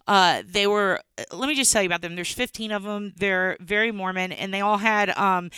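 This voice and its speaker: Woman comic, bright crisp voice, rambling chatty storytelling, dry close sound. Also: medium pitch, no echo. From Texas. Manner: chatty, rambling, laughs between lines. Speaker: stand-up comedian. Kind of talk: storytelling stand-up.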